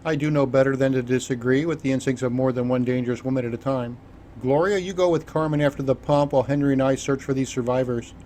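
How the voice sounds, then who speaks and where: A man's voice: medium pitch, steady tone, quick pace, warm tone, a little hiss or hum, close to an everyday voice. Man playing a terse, commanding squad leader. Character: stoic male leader in armor.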